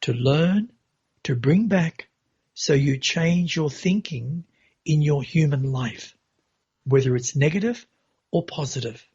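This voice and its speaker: A man telling a gentle, unhurried spiritual story as a guest in an interview, with a husky voice. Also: fairly high pitch, highs cut off.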